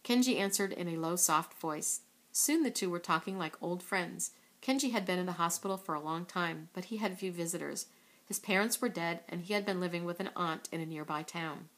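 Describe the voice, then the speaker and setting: A woman reading a children's book aloud in a steady voice, now and then correcting a slip. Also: fairly low pitch, brisk. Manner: steady, with occasional slips and self-corrections. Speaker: reader.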